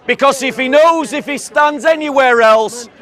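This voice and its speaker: A man with a southern English accent, giving a declamatory public speech to a crowd outdoors and calling them ladies and gentlemen. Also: very high voice, normal speed. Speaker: street preacher.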